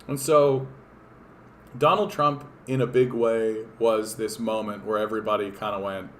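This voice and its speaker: A man's voice: fairly low pitch, fairly even intonation, moderate pace, slight background noise. A man from Canada hosting a political livestream, talking in a casual, rambling, profane and sardonic way with lots of fillers and restarts.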